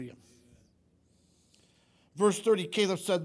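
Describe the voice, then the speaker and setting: A man's voice: high voice, moderate pace, pauses often. A man preaching a sermon in church, emphatic and repetitive, often questioning the congregation. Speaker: pastor.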